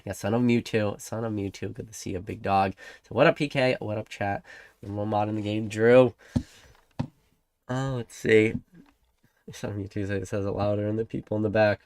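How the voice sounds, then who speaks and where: A man's voice: on the low side, steady tone, normal speed, darkish tone, no room sound. A man hosting a livestream, rambling in a casual rant, repeating rhetorical questions, swearing now and then, and reading out and greeting chat viewers. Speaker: livestream host.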